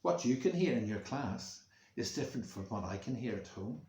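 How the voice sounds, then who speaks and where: A male music teacher reading a story to schoolchildren, acting out the sounds with expression, recorded in a room at home. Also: medium pitch. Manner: slow, expressive, making sound effects for kids. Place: room at home near a main road, window open. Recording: roomy echo.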